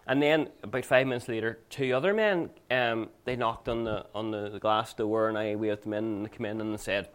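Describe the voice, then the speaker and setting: A male pastor with a fairly low voice preaches a sermon and tells stories along the way. His delivery is conversational and earnest, more like chatting than proclaiming. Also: steady tone, normal speed, fairly bright tone, clear, resonant tone. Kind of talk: sermon with personal anecdotes.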